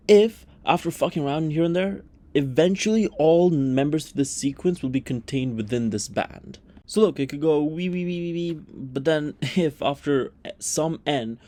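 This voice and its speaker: A man's voice: fairly high pitch, dry recording. Crude, rowdy young man explaining math. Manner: crude slangy banter, jumps between loud outbursts and mutters.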